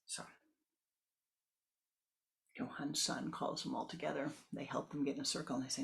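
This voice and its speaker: A woman spiritual teacher telling a story in a meditation talk, slow, with whispered asides and repeated phrases. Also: deep voice, fairly even intonation, vocal fry.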